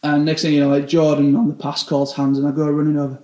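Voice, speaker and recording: A young British chef telling stories in a casual interview, rambling and filling every phrase with "like". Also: male voice, a little high, monotone, fast, warm tone, reverberant. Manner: rambling, says 'like' constantly.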